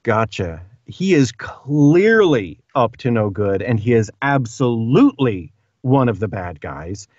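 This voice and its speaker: A man's voice: mid-range voice, very animated, slow pace, few pauses, a little mellow, dry recording. Good-humored man on dry, muffled audio. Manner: thoughtful, good-humored, plays along. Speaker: podcast guest, audiobook narrator. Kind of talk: casual conversation.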